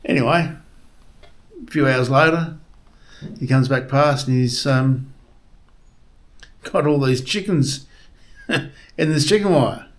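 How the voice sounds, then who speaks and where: A man's voice: medium pitch, slow pace, pauses often. A man hosting a travel vlog, chatting casually and rambling with lots of ums and uhs, then telling a joke. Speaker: vlog host.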